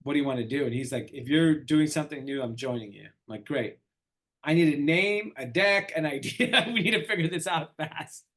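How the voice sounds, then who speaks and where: A man's voice: fairly high pitch, a little fast. Middle-aged man telling a story animatedly. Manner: animated storyteller, acts out quoted dialogue. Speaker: entrepreneur guest. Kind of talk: casual interview storytelling.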